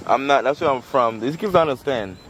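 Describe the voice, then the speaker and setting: A young man, giving a laughing, excited house tour and talking about his family. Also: medium pitch, brisk, heavy background noise. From Jamaica. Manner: excited, laughing, pointing things out. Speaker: vlogger. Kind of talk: casual home tour and talk.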